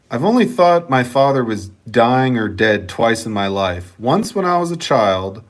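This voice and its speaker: A man chatting casually in a vlog, reading viewer comments and swearing freely while he rambles. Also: fairly low pitch. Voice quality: profane, rambling, laid-back. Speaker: channel host.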